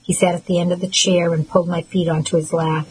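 A woman reading a first-person novel aloud as an audiobook narrator, in a measured, steady way. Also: on the low side, a little hiss or hum, low-quality recording.

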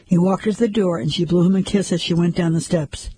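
A man reading a story aloud as narrator, in a steady, measured way. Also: high-pitched, a little hiss or hum, low-quality recording.

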